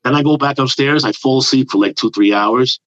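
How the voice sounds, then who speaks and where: With a mid-range voice and a slightly fast delivery, this New York–area comedian rambles through a profane tale during casual podcast chat. He's animated, slipping into put-on quotes. The dry recording has a dull, lo-fi quality.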